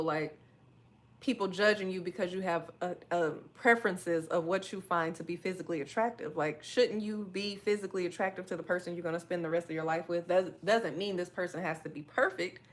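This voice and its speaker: This is a woman as she hosts her own podcast. She talks candidly and with animation, and she keeps calling her listeners y'all. Her voice sits at a middle pitch for a woman. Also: fairly bright tone. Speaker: podcast host. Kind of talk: solo podcast talk reading live chat.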